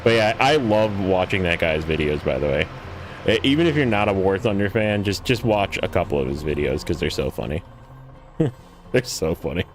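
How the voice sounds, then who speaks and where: A man's voice: deep voice, expressive, a little fast, soft background music. A man hosting a gaming livestream, chatting casually with viewers in a rambling, self-deprecating way while he plays.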